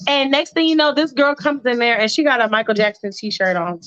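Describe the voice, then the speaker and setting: A woman's voice: a little high, a little fast, a bit bright, muffled recording. A woman improvising a story in a casual, rambling way, slangy and profane, talking straight to her listeners. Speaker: storyteller, podcast host.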